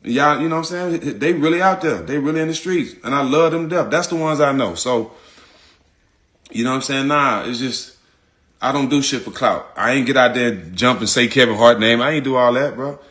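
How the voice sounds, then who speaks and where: A man speaking straight to his audience in loose, slangy talk, hammering the same points again and again. His voice is bright and forceful, sitting at an ordinary pitch for a man. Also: a little fast. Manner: emphatic, repetitive, slangy. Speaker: public figure speaking out. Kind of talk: casual direct-to-audience talk.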